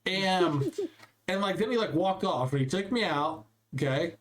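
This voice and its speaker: A young man co-hosting a casual podcast chat, telling stories with lively acted-out quotes. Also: high-pitched, measured pace. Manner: animated storyteller acting out quotes. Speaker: podcast co-host.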